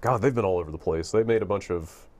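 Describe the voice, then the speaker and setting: A man's voice: sits low, quick pace, a little mellow. A man hosting a video game stream, chatting casually, rambling and correcting himself with dry humor. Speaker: video game show host. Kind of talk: casual chat while playing a game. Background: faint game music.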